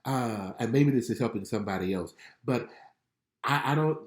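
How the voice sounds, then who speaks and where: A middle-aged man working as a spiritual life coach, gently praying and encouraging viewers on a live online stream. He talks in a conversational way, carefully enunciating his words like a former radio announcer. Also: medium pitch, normal speed, roomy sound. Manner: gentle, conversational, reads viewer comments aloud.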